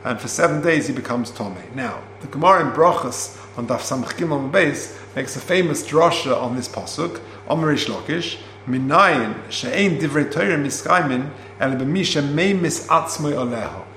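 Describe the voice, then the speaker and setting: A man teaching a Torah class, explaining Hebrew terms and telling a story in an unhurried way with many fillers. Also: medium pitch, bright, forceful tone. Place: classroom, also streamed online. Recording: roomy with faint hum.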